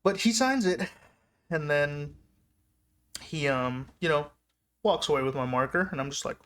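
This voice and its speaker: A man's voice: fairly high pitch, animated, a little slow, long pauses, a bit bright. A man telling a personal story in a casual, rambling vlog style, often breaking off and restarting his sentences. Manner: rambling, chatty, self-interrupting. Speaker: vlogger.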